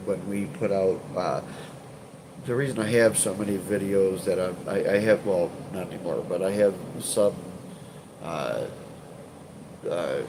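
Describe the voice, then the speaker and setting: Congested low-voiced man rambling on a stream. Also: noisy background. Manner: rambling, hesitant, many fillers and restarts, swears casually. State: congested, stuffed up. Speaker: urban exploration channel host. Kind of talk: casual live-stream chat.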